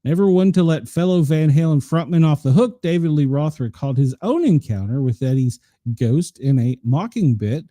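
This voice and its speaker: A man's voice: a little high, dark tone, no room sound, clean studio sound. A male radio host reading the news aloud, with chatty laughing asides and many restarts.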